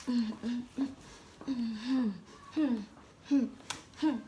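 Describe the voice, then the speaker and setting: A woman's voice: on the high side, unhurried, a little hiss or hum. A young woman with a Jamaican accent, chatting playfully to camera in a casual vlog and slipping into patois. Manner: playful, animated, slips into patois. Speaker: vlogger.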